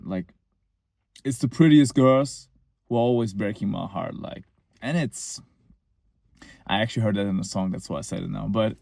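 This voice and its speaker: A man's voice: medium pitch, dry recording, clean studio sound. A young man telling a personal story in a casual, rambling monologue, full of fillers and short laughs.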